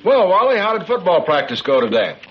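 An actor playing a calm, fair-minded middle-aged suburban father in 1950s sitcom style, speaking in a measured, mildly stern way. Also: high-pitched, soft background music. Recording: dull 1950s TV sitcom audio.

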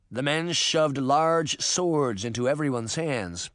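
A man narrating an audiobook in an expressive storytelling manner. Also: medium pitch, takes it slowly, hardly any pauses, no echo, clean studio sound. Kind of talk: scripted narration.

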